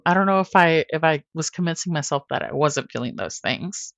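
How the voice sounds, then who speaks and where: Candid mother telling her story, low-voiced. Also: lively intonation, brisk, no echo, lo-fi sound. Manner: emotional, candid, often laughing at herself. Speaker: podcast guest.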